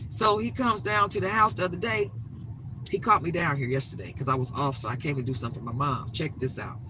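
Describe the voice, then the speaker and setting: An older woman hosting a live stream, telling a story in an emphatic, animated way and swearing freely. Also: deep voice, quick pace, background noise. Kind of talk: casual storytelling rant.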